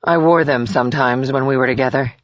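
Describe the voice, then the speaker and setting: A man voicing a cold, cruel, slight man who is a killer, speaking in a flat, menacing, boastful way. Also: mid-range voice, brisk, no echo, dull audio, close to an everyday voice.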